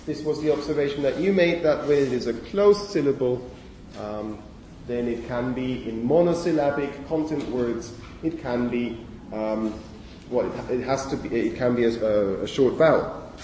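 A man giving a university lecture on phonology in a lecture hall, speaking haltingly with many fillers and self-corrections. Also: mid-range voice, warm tone, slight background noise. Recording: echoey lecture hall from far off.

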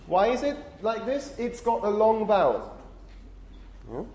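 A man's voice: sits high, sing-song, measured pace, dark tone. A man lecturing on phonetics in a lecture hall, punctuating points with "okay?" and scolding talkative students. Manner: frequent "okay?" checks, stern with chatty students. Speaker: university lecturer. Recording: echoey lecture hall, faint room noise.

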